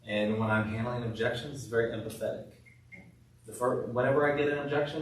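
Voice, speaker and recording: A man coaching a room on handling patient objections, his delivery calm and empathetic as he models the words to use. He sits at the usual pitch for a man, and his voice is heard from a distance in a very echoey room, with a faint hiss underneath. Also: fast talker. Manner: demonstrates scripted patient talk, soft empathetic tone. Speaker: sales trainer. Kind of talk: sales training session.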